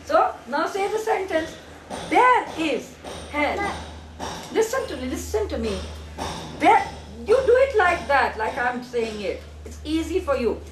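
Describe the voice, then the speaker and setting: A woman speech teacher drilling a child on syllables, firm and insistent, repeating words slowly. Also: high-pitched, animated, noisy background. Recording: echoey room, mic far off.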